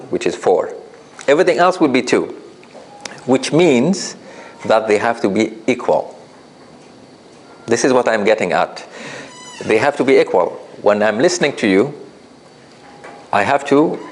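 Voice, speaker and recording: A man teaching a recitation class, patiently explaining rules, asking his students questions and demonstrating with drawn-out chanted examples. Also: mid-range voice, rough recording. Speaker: tajweed teacher.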